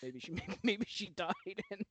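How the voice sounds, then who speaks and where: Laughing man guest with a lively voice. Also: high-pitched, moderate pace. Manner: laughs often, wry running jokes. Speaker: podcast guest. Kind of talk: casual chat while watching TV.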